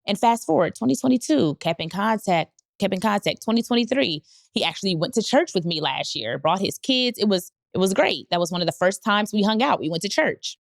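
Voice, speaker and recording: A woman podcast host telling a candid personal story, animated and leaping up in pitch when she quotes people. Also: fairly quick, vocal fry, no echo, studio quality. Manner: animated, jumps high when quoting people.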